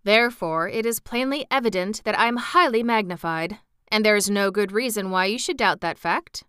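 A woman voicing a pompous, learned male insect gentleman in a storybook reading, wordy and condescending. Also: mid-range voice, moderate pace, clear, resonant tone, no echo, studio quality, natural voice. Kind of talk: storybook read-aloud.

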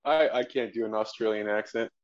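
A man's voice: on the low side, fairly quick. A man hosting a casual podcast, telling jokey stories and laughing often. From Canada. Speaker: podcast host. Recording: dull lo-fi audio.

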